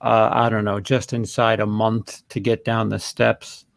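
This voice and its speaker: A man's voice: lowish voice, little pitch movement, unhurried, vocal fry, dry recording, studio quality. A man co-hosting a casual film chat, making sarcastic, joking asides. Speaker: co-host.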